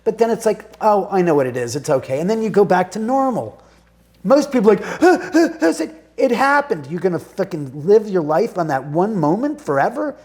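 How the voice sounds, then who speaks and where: Middle-aged guy telling a story, high voice that swoops all over, acts out what he was thinking. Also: very animated, fairly quick, dark tone. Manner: vivid, acts out his own thoughts. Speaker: homeowner guest. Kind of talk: animated storytelling.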